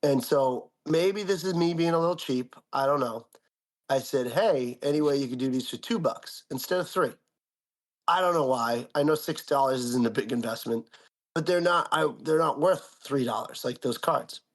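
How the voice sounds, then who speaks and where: Young guy podcaster venting about a story, lots of "like", fired up, normal pitch. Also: moderate pace. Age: young adult. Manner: animated, indignant storytelling with lots of "like". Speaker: podcast co-host. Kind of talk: casual storytelling chat.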